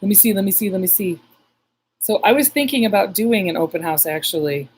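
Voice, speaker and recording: A woman's voice: mid-range voice, fairly quick, a little mellow, slight background noise, rough recording. A woman psychic medium telling a story in a casual live stream, rambling with many restarts and reading viewer comments aloud.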